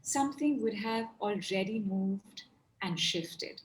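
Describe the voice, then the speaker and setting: Slow, emphatic woman leading an exercise. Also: medium pitch. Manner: slow, drawn-out instructions, emphatic. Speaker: workshop facilitator. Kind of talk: guided exercise on a group video call.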